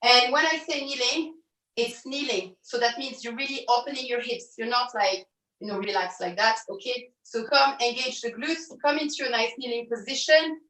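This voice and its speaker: A woman pilates instructor leading an online class, cueing moves and counting reps in an upbeat way, with quick self-correcting asides. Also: on the high side, sharp tone. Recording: roomy audio from a distance.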